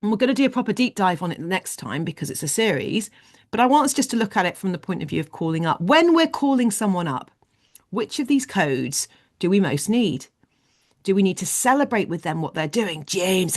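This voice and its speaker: A woman with a lowish voice leads a leadership training session over a video call. She explains each idea animatedly, often acting out little examples. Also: sing-song, brisk.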